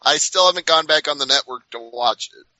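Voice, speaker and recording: A man's voice: fairly high pitch, brisk, bright, forceful tone, no echo. A man hosting a casual wrestling podcast, chatty and leading the discussion. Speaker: podcast host. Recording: dull lo-fi sound.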